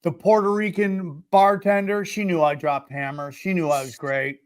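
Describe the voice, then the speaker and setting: Man telling a comic story, high voice. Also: normal speed, clean tone. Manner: animated, swears freely, acts out quotes. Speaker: podcast host. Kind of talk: comedic storytelling.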